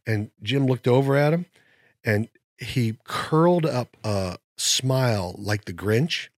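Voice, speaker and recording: A man on a podcast as a comedic actor guest, telling animated anecdotes in casual chat and acting out what people said. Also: medium pitch, slow, dry recording, studio quality. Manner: animated anecdote-telling, acts out quotes, frequent restarts.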